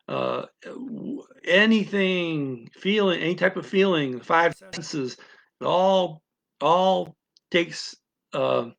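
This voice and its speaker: A man with a gravelly, slightly high voice explains a language-learning method off the cuff. He rambles and repeats himself, restarting sentences and acting out little lines of a parent or a baby's thoughts. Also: fairly bright tone. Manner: rambling, repetitive, with frequent restarts and asides; acts out what a parent or a baby's mind says. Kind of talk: unscripted explanatory talk.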